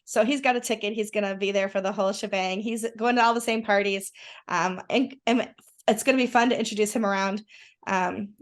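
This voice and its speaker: A woman's voice: medium pitch, steady tone, brisk. A woman chatting as a guest, enthusiastic and rambling with many restarts. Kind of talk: casual conversation.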